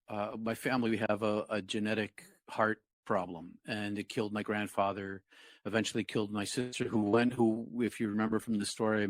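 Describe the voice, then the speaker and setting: A man's voice: on the low side, no room sound, studio quality. A man in his sixties, a guest telling a personal story in an earnest, reflective way. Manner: earnest, reflective, acts out his own past words. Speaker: interview guest.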